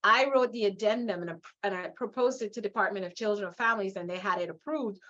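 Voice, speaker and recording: A middle-aged woman from Guyana with a Guyanese accent, telling her story as an interview guest in an emphatic, animated way, laughing often. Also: medium pitch, fast, muffled recording. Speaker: guest, leadership coach.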